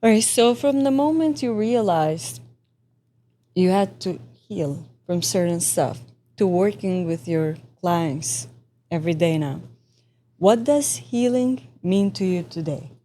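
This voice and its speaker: Slow-talking woman podcast host. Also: fairly low pitch, animated, dark tone. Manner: slow, deliberate questioning. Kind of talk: interview host asking questions.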